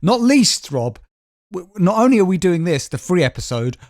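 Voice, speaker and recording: A man's voice: high-pitched, big pitch swings, normal speed, a little mellow, no echo, clean studio sound. A man co-hosting a podcast in casual, teasing chat. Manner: chatty, teasing, interrupts and chips in. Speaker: podcast co-host.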